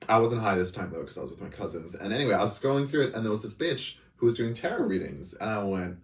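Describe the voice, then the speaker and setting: A man's voice: fairly low pitch, animated, fast. A young man co-hosting a podcast, telling slangy stories in casual chat and swearing freely. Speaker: podcast co-host. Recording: echoey room, mic at a distance.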